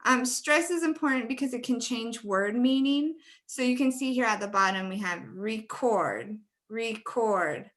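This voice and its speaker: A woman's voice: on the high side, moderate pace, hardly any pauses, a bit bright. A woman presenting a webinar training for teachers, friendly and laughing often as she demonstrates word stress.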